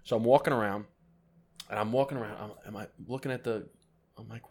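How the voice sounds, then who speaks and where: A man co-hosting a podcast, telling a story in casual chat, animated and swearing often. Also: lowish voice, fast. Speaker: podcast co-host.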